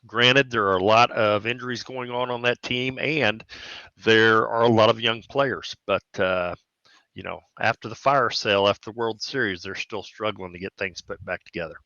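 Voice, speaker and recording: A man with a Missouri accent, a coach co-hosting a sports talk show, analyzing in a measured, halting way. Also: on the low side, bright, forceful tone, no echo, lo-fi sound.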